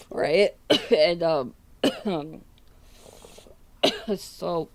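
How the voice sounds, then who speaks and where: A woman's voice: lowish voice, animated, drawn-out words. A woman streamer telling a story in a loose, profane, rambling way, laughing as she goes. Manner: laughs through her telling. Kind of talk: casual storytelling to a stream audience.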